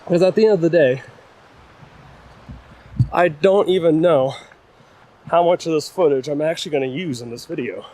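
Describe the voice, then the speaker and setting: A man's voice: fairly high pitch, normal speed, pauses often, a little mellow. Breathless young man vlogging a windy hike. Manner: chatty, self-deprecating, talks to viewers while walking. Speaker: hiking vlogger. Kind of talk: casual vlog narration while hiking. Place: rocky mountain trail outdoors, windy. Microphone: camera-mounted shotgun mic. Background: wind.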